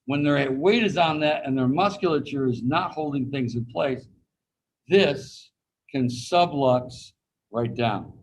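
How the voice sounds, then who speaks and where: Taking it slowly in a medium-pitched voice, a man gives a casual anatomy class over video, folksy in manner, weaving in stories and mimicking those he quotes. The audio is poor, with slight background noise.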